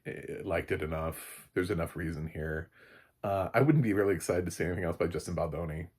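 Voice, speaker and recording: A man giving a rambling, blunt spoken movie review, swearing freely and breaking into loud laughs. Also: deep voice, quick pace, breathy edge.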